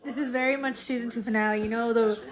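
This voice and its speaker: A woman's voice: on the high side, fairly even intonation, fast talker. A woman hosting a casual reaction video, chatty and emotional, swearing and laughing as she comments.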